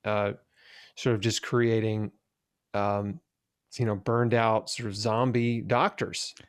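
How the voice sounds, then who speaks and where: A man's voice: lowish voice, level tone, takes it slowly, clean tone. A man hosting an interview, chatty with lots of fillers. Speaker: podcast host. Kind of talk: casual interview chat.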